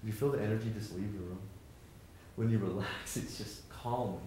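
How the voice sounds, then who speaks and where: Middle-aged male lecturer, lively and joking, plays out voices in his anecdotes; average pitch, roomy hall with faint noise. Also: brisk. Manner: animated, joking, acts out quoted people. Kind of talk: energetic lecture to students.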